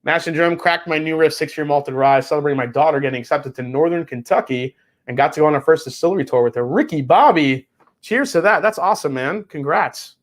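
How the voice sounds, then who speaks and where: A man's voice: a little high, brisk. A man hosting a whiskey livestream in casual chat, rambling with restarts and swearing freely while reading chat messages. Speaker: whiskey show host.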